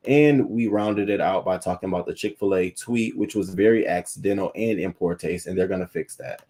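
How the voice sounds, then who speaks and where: A man hosting a gossip and news show, reading headlines and reacting with sassy, profane commentary. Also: fairly low pitch. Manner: sassy, profane, animated asides; reads quotes aloud, then reacts. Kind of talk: casual commentary.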